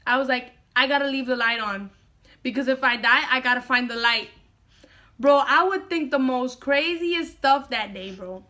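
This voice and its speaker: A woman's voice: high-pitched, normal speed, sharp tone. A young woman vlogger dramatically retelling a personal story to camera, repeating lines for effect.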